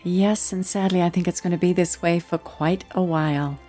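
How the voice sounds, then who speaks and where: An Australian woman hosting a podcast, gracious and even in her interviews and sign-off. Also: lowish voice, moderate pace, soft background music. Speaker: podcast host. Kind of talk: interview and scripted outro.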